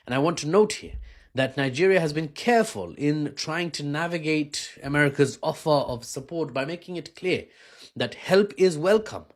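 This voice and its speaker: Casual male news explainer. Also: medium pitch. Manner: conversational, wry asides. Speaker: news commentator in the clip.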